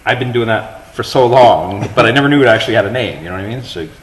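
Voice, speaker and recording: A man's voice: fairly low pitch, fast talker. A man chatting casually during a pinball game, joking and sarcastic. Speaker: guest player. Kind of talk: casual chat while playing pinball. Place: arcade. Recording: echoey room, loud arcade noise.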